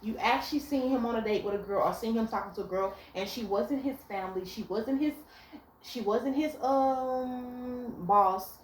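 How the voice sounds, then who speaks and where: A young woman whose voice is a little high speaks at normal speed, animatedly telling stories and cursing freely as she gives blunt relationship advice in a casual vlog. The echoey room has faint ambience and slight background noise.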